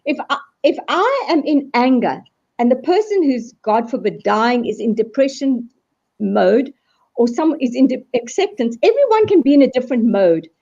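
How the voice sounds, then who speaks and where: A woman's higher-pitched, mellow voice comes through muffled, lo-fi video call audio. She talks animatedly as a guest, slipping into quoted voices to make her points. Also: very animated, moderate pace. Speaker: guest speaker on resilience. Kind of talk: live video call discussion.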